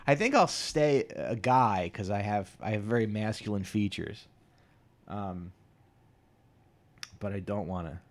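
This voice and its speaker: Rambling, crude man with a low voice. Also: animated. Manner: crude, self-deprecating, halting with many restarts. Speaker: podcast host. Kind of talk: rambling solo podcast monologue.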